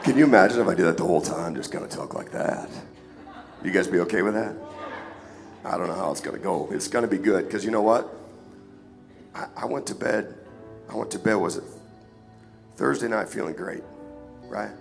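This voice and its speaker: Low hoarse sniffly guy preaching at church, jokey, keeps asking for amens, music under it. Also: brisk, long pauses. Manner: casual, joking, calls for amen. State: congested, sniffling and hoarse from a cold. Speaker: guest preacher. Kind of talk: sermon. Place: church sanctuary.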